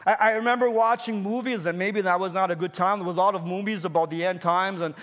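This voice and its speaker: Guy in his 50s, a pastor preaching, pretty high voice, earnest and personal, big echo from the hall. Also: fairly even intonation, quick pace, fairly bright tone. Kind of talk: sermon. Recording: long hall reverb.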